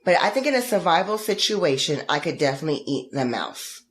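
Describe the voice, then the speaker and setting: A woman chats casually as a podcast co-host. She is opinionated and expressive. Her pitch swings widely as she acts out what others said. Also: fairly quick. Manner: animated, opinionated, acts out quotes in dramatic voices. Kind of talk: casual chat.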